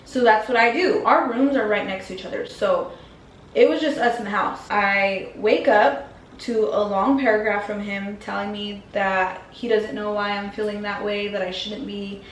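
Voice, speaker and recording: A woman's voice: mid-range voice, steady tone, normal speed, far from the mic, slight background noise. A woman vlogger telling a personal story in a frank, slangy, casual way. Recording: roomy, mic set back.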